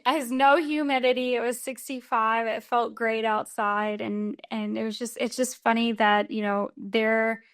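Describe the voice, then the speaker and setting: An American woman from Texas talks as a podcast guest, with a fairly high voice. She tells her running stories in a chatty, animated way and laughs easily between the lines. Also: normal speed, hardly any pauses, clear, resonant tone. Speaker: guest runner. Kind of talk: casual podcast interview.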